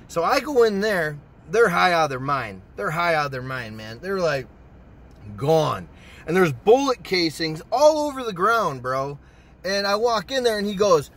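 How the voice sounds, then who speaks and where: A young man telling a personal story to his channel in a casual, profane, excitable way. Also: high-pitched, a little slow. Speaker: storytime vlogger.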